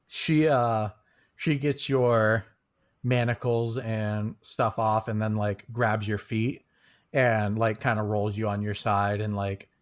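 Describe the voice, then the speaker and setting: Slow, laid-back male game master. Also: fairly low pitch, flat delivery. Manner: slow, casual, full of fillers and laughs. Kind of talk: narrating a tabletop game.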